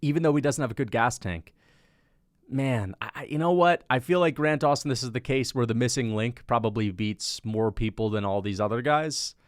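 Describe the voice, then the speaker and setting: A man's voice: mid-range voice, normal speed, no room sound, studio quality. A man hosting his own channel, casually ranking fighters, thinking aloud, changing his mind mid-sentence and swearing now and then. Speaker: MMA commentator and channel host.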